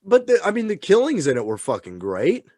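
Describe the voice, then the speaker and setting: Excitable, swearing guy in tipsy chat. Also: sits high, brisk, dry recording, studio quality. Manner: excited, profane, rambling. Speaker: podcast co-host. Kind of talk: casual chat.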